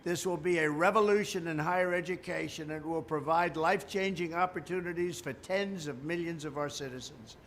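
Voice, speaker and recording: A man's voice: a little high, a little fast, hardly any pauses, fairly bright tone. A man delivering a scripted political speech with emphatic, oddly placed stress, played as a clip. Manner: emphatic, stresses odd syllables. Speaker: politician in a played campaign video.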